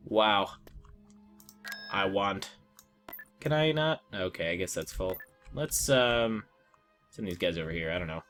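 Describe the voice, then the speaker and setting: A man's voice: low voice, lively intonation, a little slow, long pauses, fairly bright tone, soft background music. A man giving casual gameplay commentary, talking to the game with exasperated outbursts. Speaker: let's play gamer.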